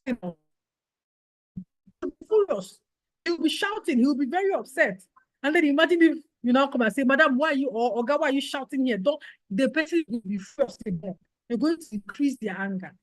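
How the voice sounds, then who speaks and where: A woman's voice: sits high, dry recording, rough recording. A woman giving a customer service training lecture, acting out exchanges between staff and customers. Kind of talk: workshop lecture.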